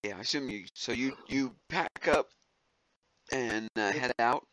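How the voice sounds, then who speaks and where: A man from southern Alabama running a tabletop game as game master, narrating with lots of fillers and quick laughs. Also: mid-range voice, no echo, rough recording. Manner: lively, laughing, hesitant narration with many fillers.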